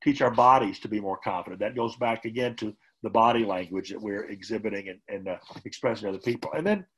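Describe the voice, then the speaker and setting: A man giving a conversational motivational training talk as a sales trainer, often softening his points with casual asides. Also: lowish voice, fast talker, husky, poor audio. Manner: conversational, hedging with "kind of" and "you know".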